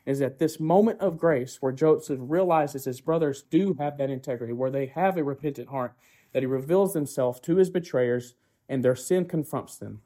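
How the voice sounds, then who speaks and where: A man with a medium-pitched, dark-toned voice preaches a sermon at a moderate pace, repeatedly throwing rhetorical questions at the congregation, often tagging them with "right?", and building his points through repetition.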